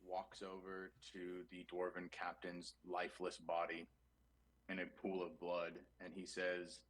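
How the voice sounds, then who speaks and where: Casting: low flat-voiced man running a tabletop game, husky, loose and casual. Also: a little slow, low-quality recording. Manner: casual narration with many fillers. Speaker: game master.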